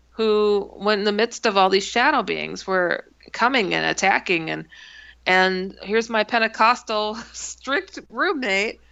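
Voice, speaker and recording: Gravelly bright woman telling a story. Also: mid-range voice. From Milwaukee, USA. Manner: animated, acts out quotes, laughs mid-sentence. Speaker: guest author and researcher. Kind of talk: storytelling on a radio talk show. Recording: dull, dry lo-fi sound.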